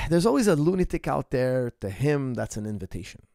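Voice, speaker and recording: A man's voice: mid-range voice, very animated, normal speed, gravelly, a little mellow, dry recording, clean studio sound. A man, a martial arts coach, answers viewer questions in a casual chat. He talks in a rambling, emphatic way and often restarts his sentences. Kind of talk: casual ask-me-anything chat.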